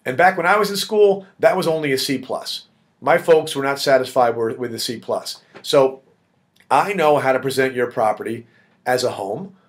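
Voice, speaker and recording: A man's voice: mid-range voice, lively intonation, normal speed. A man leading a real estate network, giving direct, emphatic coaching in a motivational video blog. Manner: direct, emphatic pep talk addressing the audience as "guys".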